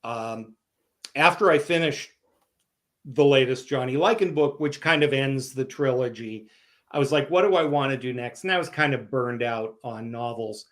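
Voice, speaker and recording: In a casual interview, a Canadian guest author spins animated stories, imitating the voices of the people in them. He talks at medium pitch and a moderate pace.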